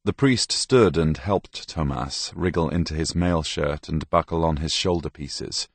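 A man narrating an audiobook in a very deep voice with a gravelly edge. His storytelling is measured and deliberate, taken at a slow pace. The recording is dry and close. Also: dry recording. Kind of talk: scripted narration.

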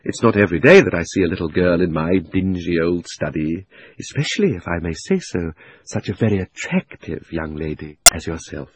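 A man reading an audiobook, voicing a sly, greedy old male magician uncle who talks in a wheedling, sinister way with drawn-out words. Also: deep voice, lively intonation, slight background noise.

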